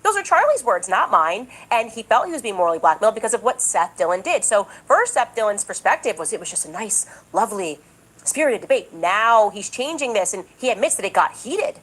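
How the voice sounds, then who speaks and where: A woman political commentator delivers an indignant podcast monologue, hammering her points through insistent repetition. Her mid-range voice is animated and a little fast, and she mocks others in a raised, exaggerated tone. The audio quality is poor.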